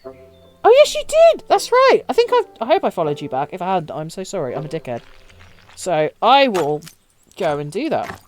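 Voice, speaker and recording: A woman's voice: low-pitched, wildly swooping pitch, a little fast, a little mellow, soft background music. A woman live-streaming a game, chatting casually with her viewers, swearing freely and laughing often. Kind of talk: casual live-stream chat while playing.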